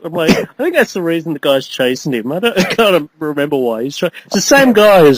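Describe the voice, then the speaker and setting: Man, podcast co-host, keeps laughing, high lively voice, noisy recording. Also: brisk. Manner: laughs often, rambling, acts out characters. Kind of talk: casual movie review chat.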